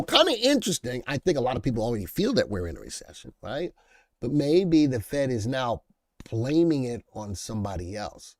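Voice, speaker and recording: A man's voice: medium pitch, no room sound. A man hosting a live stock market stream, reading news headlines aloud and riffing casually on them while answering viewers in the chat. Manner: chatty, reads headlines then riffs, addresses chat viewers by name. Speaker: livestream market show host.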